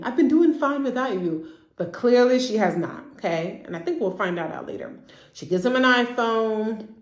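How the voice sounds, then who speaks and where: A woman therapist giving a casual, chatty recap of a TV drama, slipping into quick impressions of the characters. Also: medium pitch, roomy sound. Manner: chatty, acts out characters' lines in quick asides.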